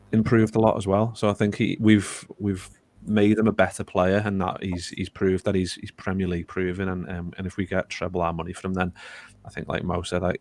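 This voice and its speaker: Male football panelist, very low monotone, rambling, dry recording. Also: no room sound. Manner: rambling, repeats words while thinking. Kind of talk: casual football chat.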